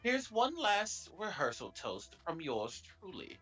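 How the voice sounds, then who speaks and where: A man delivers a mock-sentimental toast with theatrical flair, his bright voice leaping widely in pitch. Faint music plays underneath. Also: huge pitch swings, unhurried, breathy edge.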